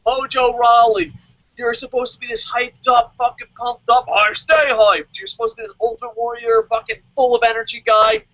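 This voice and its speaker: A man rants through a wrestling review, swearing nonstop and jumping into mocking voices. His voice sits very high and bright. The recording is dry and a little dull, with no room sound. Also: brisk, dry recording. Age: adult, calls himself old. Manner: loud, excitable, constantly swearing, acts out mocking voices. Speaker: wrestling vlog host. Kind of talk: profane comedic rant. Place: lives in Tokyo.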